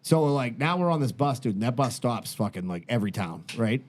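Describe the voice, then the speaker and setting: A middle-aged man telling a long, profane, rambling story in casual podcast chat, animated and full of tangents. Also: mid-range voice, brisk. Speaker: podcast host.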